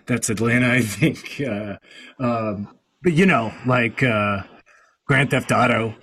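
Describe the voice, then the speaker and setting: A man's voice: medium pitch, slow, a bit bright, breathy edge, rough recording. A man hosting a casual chat, rambling along with many fillers and restarts.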